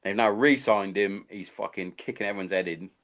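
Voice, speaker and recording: A man with a fairly low voice hosts a podcast in relaxed, casual chat. He tells long rambling stories and swears freely as he talks. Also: fairly quick. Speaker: podcast host.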